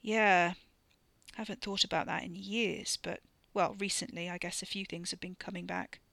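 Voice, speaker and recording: A woman's voice: on the low side, fairly even intonation, moderate pace, vocal fry, sharp tone, dry recording. A woman doing an uneasy, shaken young man. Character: shaken young adult man, anxious and sullen.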